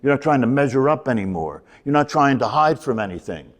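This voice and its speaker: A man gives a meditation talk at an ordinary pitch, circling back over his points and throwing questions to the class. His voice rings out in a room with a long reverb tail. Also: expressive, fairly quick. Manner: repetitive, emphatic, asks rhetorical questions. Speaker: meditation teacher. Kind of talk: spoken meditation teaching.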